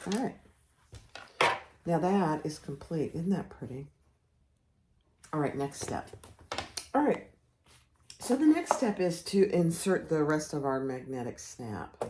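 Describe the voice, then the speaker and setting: A woman's voice: deep voice, big pitch swings, slow, long pauses, background noise. A woman talking casually while she sews, explaining each step of a bag pattern in a chatty, self-deprecating way. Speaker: sewing pattern tutor. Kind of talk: casual sewing tutorial. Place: home sewing room.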